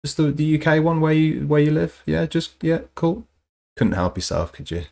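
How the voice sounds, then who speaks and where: A man's voice: on the high side, sing-song, normal speed, gravelly, warm tone. A man bantering sarcastically on a live stream and reading out chat messages. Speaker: streamer co-host. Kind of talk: casual chat.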